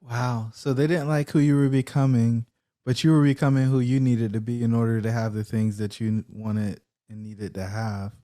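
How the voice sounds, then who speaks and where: A man's voice: mid-range voice, level tone, moderate pace, dark tone. A man hosting an interview podcast, reflecting back what his guest said and checking in with frequent questions. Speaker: podcast host. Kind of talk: casual interview conversation.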